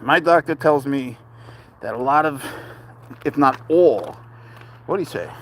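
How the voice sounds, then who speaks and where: Here the pet vlogger takes his cat for a walk near a cemetery, chatting to the lens and treating the cat like a pal. The man's mid-range voice is lively in intonation and fairly bright, delivered at a measured pace, with slight background noise.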